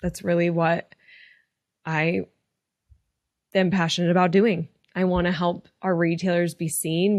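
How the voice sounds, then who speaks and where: A woman's voice: on the low side, darkish tone, no echo, clean studio sound. Earnest, encouraging woman podcast host. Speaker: podcast host and retail coach. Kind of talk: casual motivational podcast talk.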